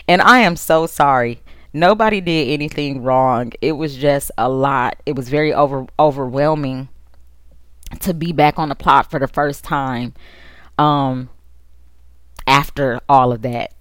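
A woman's voice: low-pitched, no echo, studio quality. A woman podcast host candidly recounting a personal story in an emotional, conversational way. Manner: candid and emotional, with quick asides.

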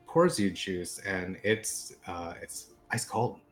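A man's voice: low voice, big pitch swings, slow, faint music behind. A man narrating as game master in casual, filler-heavy talk. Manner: casual, many fillers, laughs often.

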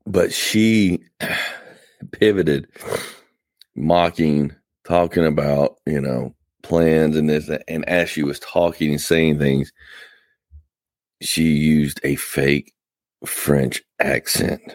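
A tired man in the Atlanta area hosts a casual podcast chat, rambling and cutting himself off with wry asides. His very deep, darkish voice is flat and slow, recorded in a clean studio with no echo.

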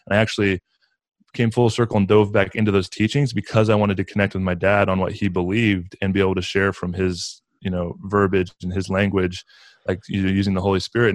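A man's voice: lowish voice, no echo. A man talking earnestly and reflectively in a casual spiritual conversation, as a podcast guest, with many "like" fillers.

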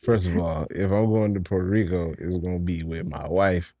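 A man co-hosting a casual podcast, blunt and wisecracking, quick to laugh. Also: low-pitched, mellow. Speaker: podcast co-host.

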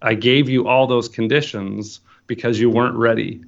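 Gravelly man telling a story. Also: medium pitch, normal speed, dull audio. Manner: animated anecdote, acting out quoted dialogue. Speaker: wedding photographer guest. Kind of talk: casual storytelling.

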